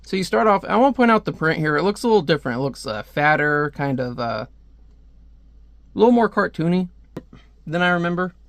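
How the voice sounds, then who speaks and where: A man's voice: on the high side, lively intonation, brisk, gravelly, long pauses, fairly bright tone, no room sound. Chatty man rambling through a comic review. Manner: rambling, chatty asides with frequent fillers. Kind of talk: casual comic book review.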